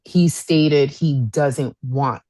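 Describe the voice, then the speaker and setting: A woman in her thirties co-hosting a podcast, telling a story in a casual, animated way and acting out what people said. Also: deep voice, extremely slow, dry recording. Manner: animated storyteller, acts out quotes, says "y'all". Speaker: podcast co-host.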